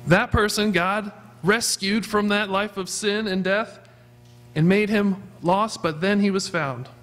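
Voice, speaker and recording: A man's voice: high-pitched, fairly even intonation, a little slow, a bit bright. A man preaching a sermon as pastor of a church, earnestly asking his congregation questions. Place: church sanctuary.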